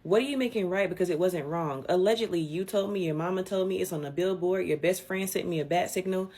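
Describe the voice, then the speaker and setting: Low-voiced woman ranting about her ex, fired up, swears a lot, very animated. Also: fast. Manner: indignant, animated, profane. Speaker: storyteller. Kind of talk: casual storytelling rant.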